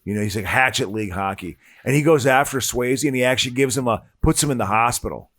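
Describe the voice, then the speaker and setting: A man hosting a podcast, chatting casually while watching a movie, excitable and prone to stammering restarts. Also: medium pitch, fast, no echo. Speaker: podcast host.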